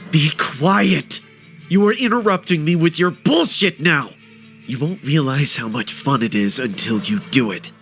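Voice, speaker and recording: A man voicing a sadistic male serial killer who taunts his captive in a cold, softly menacing way. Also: medium pitch, moderate pace, few pauses, faint music behind, lightly acted. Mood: screaming rage.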